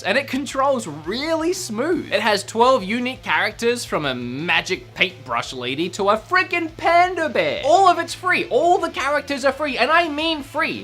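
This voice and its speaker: Bubbly man hosting a game review, pitch bouncing all over, chatty and self-deprecating. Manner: energetic, chatty, self-mocking, quick to laugh. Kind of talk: upbeat game review video.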